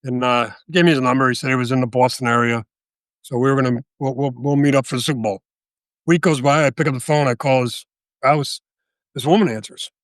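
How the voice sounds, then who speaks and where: Animated older man telling stories, swearing. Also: medium pitch, quick pace, no echo, studio quality. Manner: animated, profane, asks "right?" often. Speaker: guest, author and veteran. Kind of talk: casual interview storytelling.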